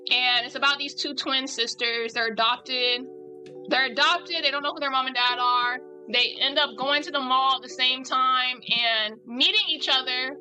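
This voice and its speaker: Bright, high-voiced chatty woman. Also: moderate pace, few pauses, soft background music, poor audio. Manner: chatty, animated, rambling. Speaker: streamer drawing live. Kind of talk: casual chat with viewers while drawing.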